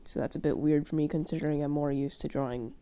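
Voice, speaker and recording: Woman streamer, very warm and mellow tone, casual self-talk while drawing. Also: deep voice, steady tone, fast talker, clean tone. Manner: mutters to herself casually, swears. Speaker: livestreaming artist.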